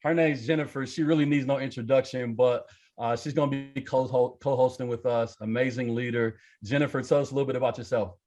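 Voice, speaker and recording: Male host, mid-pitched, hyped and slangy, casual chat. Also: steady tone, brisk, a little mellow. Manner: enthusiastic, slangy, restarts a lot. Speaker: podcast director and host.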